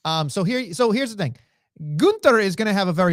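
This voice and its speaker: A podcast co-host in a casual wrestling chat, talking in an animated, excitable way with lots of fillers. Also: medium pitch, normal speed, no echo, studio quality.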